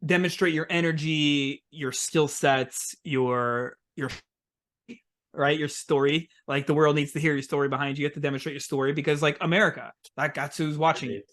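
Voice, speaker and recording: A man talking as a podcast guest in a relaxed, rambling way, with lots of "like" and "um". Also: on the high side, normal speed. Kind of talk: casual interview chat.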